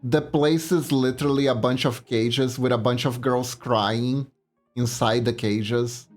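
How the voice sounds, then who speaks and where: A man chatting casually on a livestream, telling a story in a rambling, animated way. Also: medium pitch, unhurried, soft background music. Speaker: streamer.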